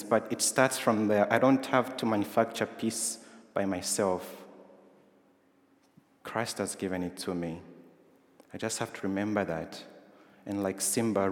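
Preacher, male, lowish voice, conversational, asks the room questions; hall reverb. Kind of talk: sermon. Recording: roomy hall with long reverb.

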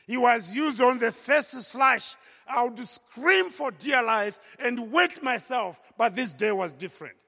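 A man with a strikingly high, gravelly voice tells his own story to an audience as a testimony. He speaks emphatically and at times breaks into a shout. His words ring out with the long reverb of a large hall. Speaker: speaker giving a personal testimony.

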